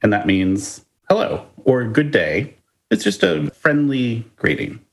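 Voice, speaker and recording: A man co-hosting a podcast, chatting casually and telling stories in a playful, lively way with chuckles. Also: mid-range voice, takes it slowly, vocal fry. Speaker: podcast co-host.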